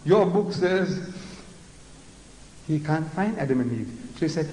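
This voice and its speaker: An older man with a South African accent, giving a mocking, animated lecture and mimicking the voices of others. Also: fairly high pitch, unhurried, pauses often, a little hiss or hum. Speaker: public speaker. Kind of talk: lecture before an audience. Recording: echoey hall recording.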